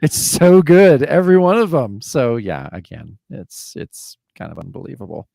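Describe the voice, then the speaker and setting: Male podcast co-host, mid-pitched, dry close sound, eager and rambling. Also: big pitch swings, moderate pace, gravelly, dark tone, dry recording. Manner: enthusiastic, many fillers and restarts. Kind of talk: casual comic book discussion.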